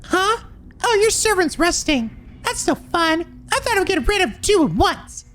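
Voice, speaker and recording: A man voicing a sweet but eerie little girl mage who gives cheerfully cruel orders, in a high falsetto. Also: very animated, a little slow, fairly bright tone, full character voice. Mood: disappointed. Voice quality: high falsetto, sing-song. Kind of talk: reading game dialogue aloud.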